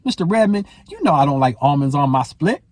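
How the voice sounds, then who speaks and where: A man voicing a stern adult male gangster boss, who questions people slowly and pointedly with mock politeness. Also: a little high, big pitch swings, a little mellow. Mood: menacing.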